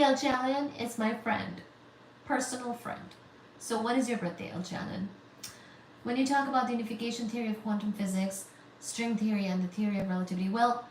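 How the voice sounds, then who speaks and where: A woman from India hosts a physics channel livestream, reading viewers' comments aloud and answering them in a teasing, chatty manner. Her medium-pitched voice comes through a low-quality, reverberant recording with a little hiss or hum.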